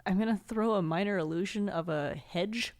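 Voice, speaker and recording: A woman's voice: mid-range voice, moderate pace, a little mellow, no echo. A woman player in a tabletop game stating her character's moves in short, plain lines. Her voice sits mid-range and sounds dry and close, with no room sound. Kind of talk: casual tabletop role-play.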